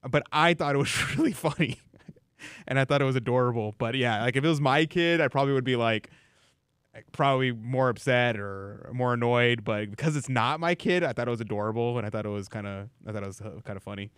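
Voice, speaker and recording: Relaxed talk radio host man, smooth voice. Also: mid-range voice, brisk, no room sound, clean studio sound. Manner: relaxed storytelling, reads listener messages. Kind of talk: casual talk radio chat.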